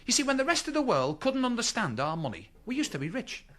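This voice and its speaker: A man's voice: extremely high pitch, huge pitch swings, fast, heavy background noise. A middle-aged man doing a stand-up routine, chatting to the audience and throwing them rhetorical questions. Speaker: stand-up comedian. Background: audience laughter.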